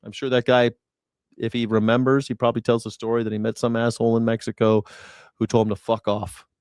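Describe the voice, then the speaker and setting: A man's voice: mid-range voice, flat delivery, a little fast, darkish tone, clean tone, no room sound, studio quality. A man hosting a casual commentary show, telling stories in a blunt, profane way. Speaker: host.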